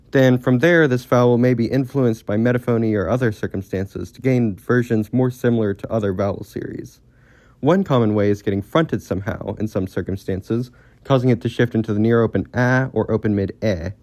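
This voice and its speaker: Man, lowish voice, scripted explainer narration, steady and informative, dry close mic. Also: no echo. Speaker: educational video creator.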